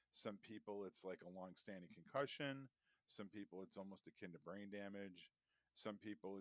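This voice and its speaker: A man's voice: low voice, fairly bright tone, dry recording, studio quality. A man co-hosting a podcast, chatting casually with a lot of swearing and wandering tangents. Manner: profane, rambling, digressive. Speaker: podcast co-host.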